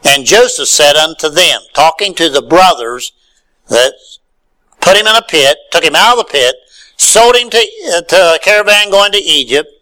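A man's voice: on the high side, animated, moderate pace, bright, forceful tone, rough recording. A man preaching a sermon, reading scripture aloud and then retelling it in his own words with rising emphasis and rhetorical questions.

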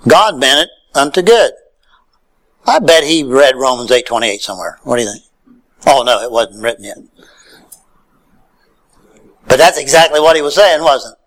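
A man's voice: medium pitch, fast talker, rough recording. A man preaching a sermon, reading scripture aloud and then retelling it in his own words with rising emphasis and rhetorical questions.

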